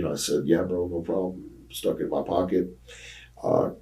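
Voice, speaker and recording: A very low-voiced older man spins long anecdotes from his wrestling days, hesitating often and slipping into the voices of the people he quotes. He sits a little back from the microphone, so he sounds slightly distant. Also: moderate pace, vocal fry, a little mellow. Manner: rambling anecdotes with many fillers, acting out quoted voices. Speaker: retired pro wrestler, interview guest. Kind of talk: casual storytelling interview.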